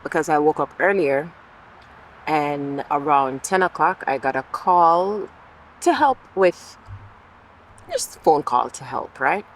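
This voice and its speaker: A woman's voice: sits low, animated, takes it slowly, long pauses, faint music behind, rough recording. A woman vlogger in a casual monologue, candid and reflective, talking through her feelings aloud with the odd swear word. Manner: occasional swearing.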